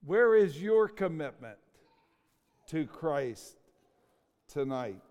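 Emotional high-voiced preacher, big hall. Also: male voice, big pitch swings, a little mellow, lo-fi sound. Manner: emotional, rhetorical questions, dramatic pauses. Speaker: pastor. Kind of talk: sermon. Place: church sanctuary. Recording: long reverb of a large hall.

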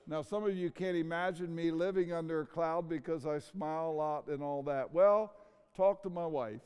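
Emotional high-voiced preacher, big hall. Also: male voice, a little mellow, clean tone. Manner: emotional, rhetorical questions, dramatic pauses. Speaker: pastor. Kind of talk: sermon. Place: church sanctuary. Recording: long reverb of a large hall.

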